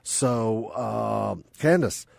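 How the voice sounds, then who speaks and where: A man's voice: on the low side, extremely slow, gravelly, darkish tone, no echo, studio quality. A man hosting a radio show, talking in casual banter that is playful and joking.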